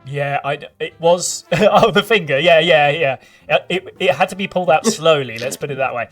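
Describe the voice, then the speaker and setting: A man chats loosely on a gaming podcast, rambling through stories and breaking into laughter often. His voice sits a bit higher than most men's. He sounds set back from the mic, with faint guitar music underneath. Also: normal speed, distant mic. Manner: rambling, laughing, lively storyteller. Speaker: podcast co-host and game master. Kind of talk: casual chat.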